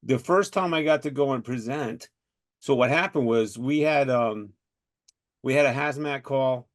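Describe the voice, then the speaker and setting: A middle-aged man hosts a podcast in a casual chat, with a voice of middle pitch. He tells his stories in an animated way and laughs as he goes. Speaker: podcast host, firefighter.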